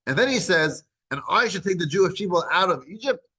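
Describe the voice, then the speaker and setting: A man's voice: high voice, fairly quick, slightly rough, poor audio. Man teaching a scripture class. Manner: retells scripture as lively dialogue, frequent restarts.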